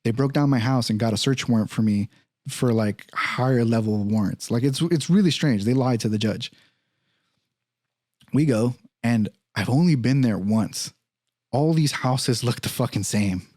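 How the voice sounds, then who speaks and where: A man's voice: mid-range voice, moderate pace, no echo, clean studio sound. A man hosting a podcast, telling a story in casual, profane talk and acting out what others said. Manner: profane, animated, acts out quoted voices. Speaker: podcast host.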